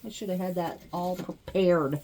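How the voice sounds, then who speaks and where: A middle-aged woman vlogging an unboxing at home, gushing and chatting excitedly with her viewers. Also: on the low side, normal speed, a little hiss or hum. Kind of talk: casual unboxing vlog.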